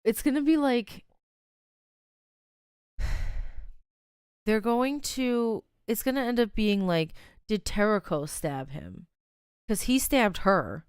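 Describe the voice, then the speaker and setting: A woman's voice: medium pitch, slow, long pauses, smooth, no room sound, clean studio sound. A woman streamer reacting live to a fan game, exclaiming often, laughing and sighing between her remarks.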